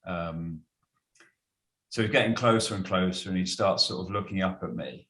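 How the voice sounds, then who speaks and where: A man's voice: sits low, moderate pace, fairly bright tone. A man, a guest cricketer, chatting casually and telling anecdotes, laughing as he goes. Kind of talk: casual storytelling. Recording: roomy echo.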